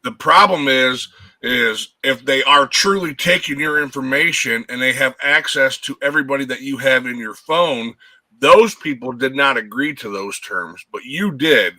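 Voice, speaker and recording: Sharp-voiced man arguing a point. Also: mid-range voice, moderate pace, no room sound, poor audio. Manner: earnest, argumentative, repeats words. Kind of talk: casual chat.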